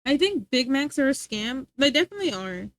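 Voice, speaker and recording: A young American woman streaming live, chatting casually with viewers in an animated, rambling way and laughing often. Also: high-pitched, a little fast, no echo. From United States. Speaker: livestreamer.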